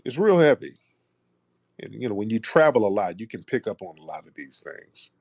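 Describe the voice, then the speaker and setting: A man's voice: lowish voice, moderate pace, gravelly, no room sound, studio quality. A man hosting a call-in talk show, arguing with and teasing callers in casual chat. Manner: animated, argumentative, teasing callers. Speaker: radio show host.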